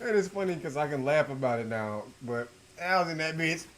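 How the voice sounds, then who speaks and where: A middle-aged man telling a story from his own life in a casual, profane way, jumping between loud outbursts and low mutters at home. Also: moderate pace, a little hiss or hum. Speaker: YouTube storyteller.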